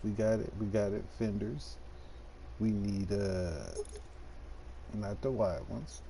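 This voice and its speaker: A man's voice: lowish voice, takes it slowly, gravelly, mellow, slight background noise. Laid-back man chatting on a game stream. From Detroit, USA. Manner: laid-back, slangy, talks while playing. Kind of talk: casual live-stream chat while gaming.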